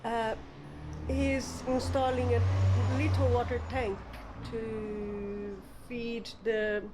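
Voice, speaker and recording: A woman's voice: a little high, flat delivery, very slow, background noise. A woman from Brazil, chatting casually and hesitantly in a van life vlog, full of fillers and giggles. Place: outdoors by an old car. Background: music.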